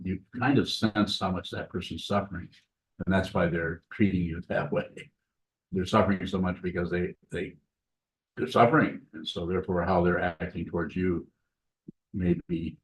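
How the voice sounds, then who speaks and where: Deep-voiced man giving a Zen talk. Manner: plain, repetitive, conversational teaching. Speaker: Zen teacher. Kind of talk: dharma talk and Q&A.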